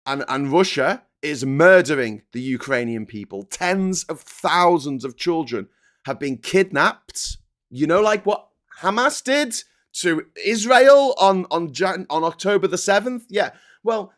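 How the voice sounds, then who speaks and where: A man's voice: high-pitched, animated, measured pace, fairly bright tone. A man hosting a political commentary monologue, ranting with passion and repeating himself. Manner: impassioned, repetitive, ranting. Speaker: host.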